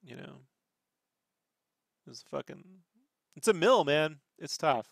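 A man's voice: a little high, expressive, slow, vocal fry, a bit bright, no echo, clean studio sound. A man hosting a casual chat, telling rambling stories full of swearing. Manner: rambling, profane storytelling. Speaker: podcast host.

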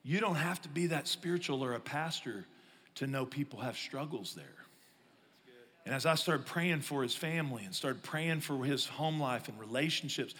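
A middle-aged man, a pastor preaching a sermon, telling stories with jokes and swinging from loud to hushed. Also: medium pitch, normal speed, breathy edge. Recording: long echo of a large hall.

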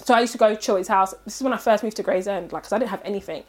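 A woman, animatedly telling a story in casual chat and acting out the people in it. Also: rapid-fire. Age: 30s. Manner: animated, acts out quotes in high voices.

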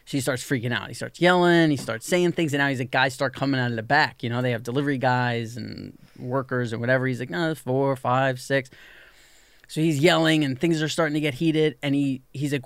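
A man spinning an animated anecdote for his co-hosts, tossing in "like" constantly and slipping into the voices of the people in his story. His pitch sits in an ordinary middle range. The sound is dry and close, with no room around it. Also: fairly quick, clean tone, no room sound. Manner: animated storyteller, lots of "like", acts out quoted people. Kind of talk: casual storytelling chat.

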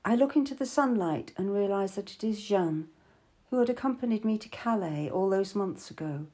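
A woman narrating a story in the first person in a calm, measured way. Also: medium pitch. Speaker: audiobook narrator.

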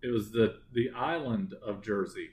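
A man's voice: fairly low pitch, normal speed, darkish tone, rough recording. Joking, crude male podcast host. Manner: joking, crude, laughing often. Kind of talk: casual true-crime podcast chat.

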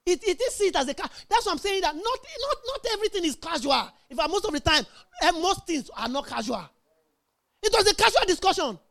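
High-pitched woman preaching. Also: sing-song, brisk, fairly bright tone. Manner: emphatic, call-and-response with congregation. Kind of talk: sermon.

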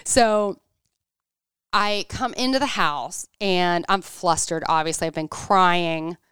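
Animated woman telling a story, crisp voice. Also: fairly low pitch, slow pace, no echo, clean studio sound. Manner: animated storyteller, acts out quotes, frequent "like". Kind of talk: casual chat.

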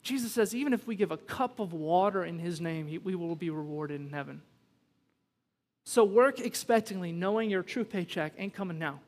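A pastor delivers a sermon in a high, bright male voice, telling casual stories and then building to emphatic, rising lines. His voice rings out with long reverb through a church sanctuary. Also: moderate pace. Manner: animated preaching with rising emphasis; conversational storytelling asides.

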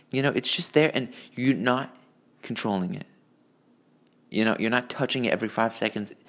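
A man's voice: mid-range voice, gravelly. A man recording a rambling solo rant on a phone, profane and breaking off mid-thought. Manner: profane, rambling, self-interrupting. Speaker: vlogger.

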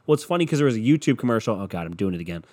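A man's voice: lowish voice, very animated, rapid-fire, darkish tone. A man hosting a casual solo podcast, rambling and cursing with self-mocking humor, a bit congested from a cold. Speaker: podcast host.

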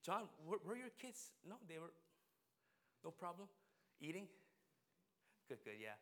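A male pastor gives a relaxed, talkative sermon in a slightly higher voice with a bright, forceful edge. He turns to the congregation and asks people questions by name. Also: a little slow. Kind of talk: conversational sermon.

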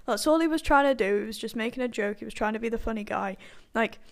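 A woman's voice: fairly high pitch, quick pace, gravelly. A young woman rambling in a casual chat, full of fillers and frequent laughter. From partially Irish background.

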